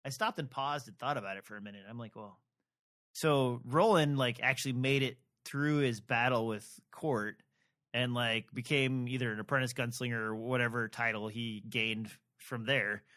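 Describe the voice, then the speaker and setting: Man, bright voice, rambling hesitant chat, lots of ums, podcast co-host. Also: mid-range voice, moderate pace. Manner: rambling, hesitant, many fillers. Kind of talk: casual book discussion.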